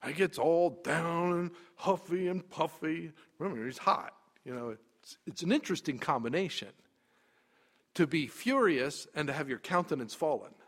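A man preaching a sermon, emphatic, dropping quiet and then rising loud. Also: fairly high pitch, expressive, moderate pace.

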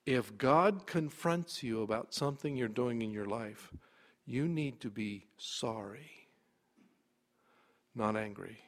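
A man preaching a sermon, emphatic, dropping quiet and then rising loud. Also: mid-range voice, slow, pauses often.

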